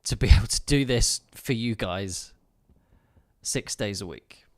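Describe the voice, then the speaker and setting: A man's voice: fairly low pitch, unhurried. A man chatting playfully with his viewers while streaming gameplay, teasing and thanking them in a loose, talkative way. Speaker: game streamer. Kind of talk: live gameplay commentary and chat. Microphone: streaming microphone.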